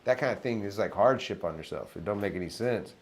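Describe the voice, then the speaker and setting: A middle-aged musician in casual conversation, talking reflectively and telling animated stories. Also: male voice, lowish voice, quick pace. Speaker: musician guest.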